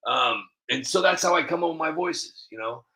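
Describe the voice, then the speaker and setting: Creaky, bright-voiced man rambling. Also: fairly high pitch, animated, moderate pace. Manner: rambling, many restarts and fillers, laughs at himself. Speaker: video creator. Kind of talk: casual rambling monologue.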